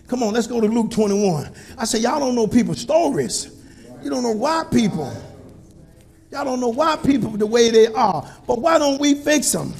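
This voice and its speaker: A male pastor preaching a sermon in a call-and-response style, swinging between quiet asides and shouted lines. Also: extremely high pitch, vocal fry.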